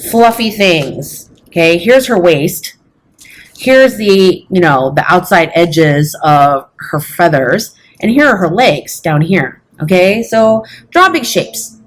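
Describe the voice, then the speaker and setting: A woman's voice: lowish voice, expressive, slow pace. A woman teaching fashion illustration in a chatty, casual tutorial, teasing herself and checking in with "okay?". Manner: chatty, self-teasing, says "y'all" and "okay?".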